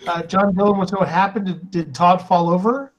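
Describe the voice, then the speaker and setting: A man's voice: high voice, steady tone, fairly quick, poor audio. A man hosting a casual live stream, reading viewer comments aloud and stumbling over the names.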